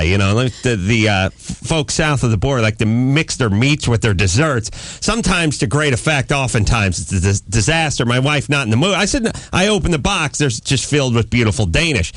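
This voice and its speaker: Animated man ranting through a comic story. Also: mid-range voice, normal speed, few pauses, no echo. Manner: animated ranting anecdote with shouted quoted outbursts. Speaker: host. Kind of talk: comic storytelling on a radio talk show. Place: radio studio. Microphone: studio microphone.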